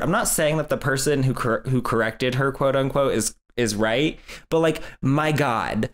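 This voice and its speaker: A man commenting on a clip in an exasperated, lecturing tone. He speaks slowly and draws out his points. His pitch sits in the middle range for a man. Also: expressive. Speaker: commentary host. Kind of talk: reaction commentary.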